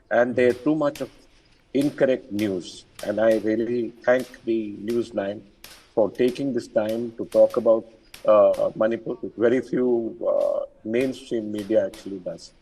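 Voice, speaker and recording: Far from the mic, an elderly army general being interviewed makes his points forcefully, stumbling through plenty of fillers and restarts. He has a lowish, warm voice with a breathy quality.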